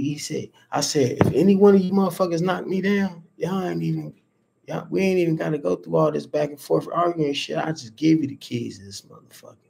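A man telling a profane story in a casual, animated way and acting out what people said. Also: fairly high pitch, vocal fry, slightly rough. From Los Angeles. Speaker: rapper.

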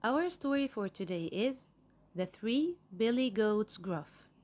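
A woman hosting her own channel, reading a children's story aloud in a slow, clear storybook manner. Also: on the high side, lively intonation.

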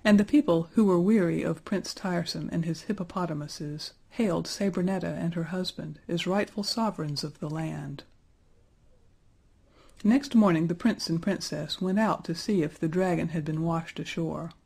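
A woman narrates a fairy tale in a measured, even reading. Her voice sits low, with a dark tone and a husky texture. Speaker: storyteller. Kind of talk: storybook narration.

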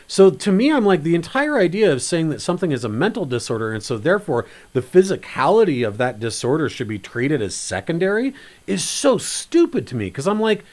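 Animated man with lively pitch swings. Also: a little fast. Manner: animated, acts out quotes with big pitch swings; rambling, repeats words. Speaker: podcast co-host. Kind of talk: casual film discussion.

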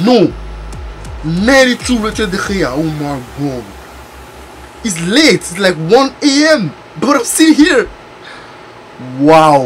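A man giving excitable pack-opening commentary for a video game, exclaiming and shouting over each pick. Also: very high voice. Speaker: gaming YouTuber.

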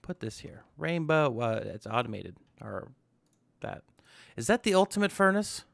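A man's voice: medium pitch, sing-song, normal speed, creaky, a bit bright, dry recording. A young man hosting a gaming channel, talking casually to himself as he plays and tossing in jokey asides. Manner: chatty, self-talking, joking asides. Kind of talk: casual gameplay commentary.

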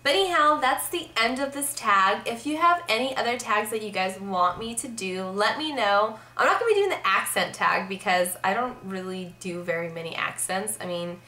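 A young woman talking to camera in a loose, rambling vlog chat, her speech full of "like" and "um". Her voice is bright and forward. The sound bounces around an echoey room. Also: medium pitch, animated, normal speed, few pauses. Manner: chatty, rambling, heavy use of "like". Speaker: vlogger.

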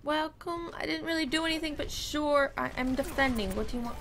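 Bright high-voiced woman playing a game. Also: fairly quick, slight background noise. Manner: chatty, cheering on her team. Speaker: gaming video creator. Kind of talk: casual gameplay commentary.

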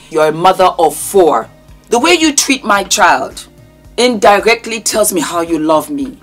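A woman in her fifties giving impassioned commentary, speaking straight to the person she is talking about in an emotional, preachy way. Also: fairly low pitch. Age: 50s. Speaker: vlogger commenting on celebrity news. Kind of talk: impassioned direct-address commentary.

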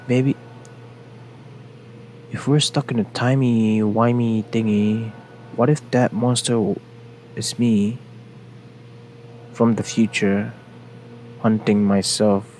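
Young male let's player, low gravelly voice, nervous repetitive muttering. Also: a little mellow, slight background noise. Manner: jittery, repeats words in nervous runs. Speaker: gameplay streamer. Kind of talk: let's play commentary.

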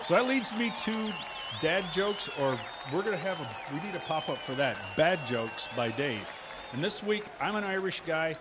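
A man's voice: sits high, animated, fairly quick, over a noisy crowd, heavy background noise. Jokey man hosting a company show. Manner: jokey, laughs often, rambling asides. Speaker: host. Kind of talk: casual chat.

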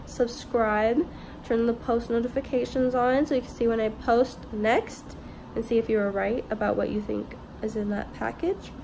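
Woman vlogger, casual chatty delivery, slightly high voice, lots of fillers. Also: vocal fry, noisy background. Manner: chatty, fills with "like" and "literally". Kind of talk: casual vlog chat to camera.

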